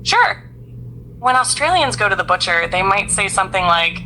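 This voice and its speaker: A woman's voice of an AI assistant, polite, even and helpful. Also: medium pitch, fairly quick, slight background noise. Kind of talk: synthetic assistant speech.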